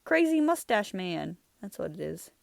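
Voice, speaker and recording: A woman's voice: medium pitch, sing-song, normal speed, gravelly, no echo. A young woman hosting her channel, chatting casually and rambling through her old drawings, laughing often. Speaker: channel host. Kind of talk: casual art review chat.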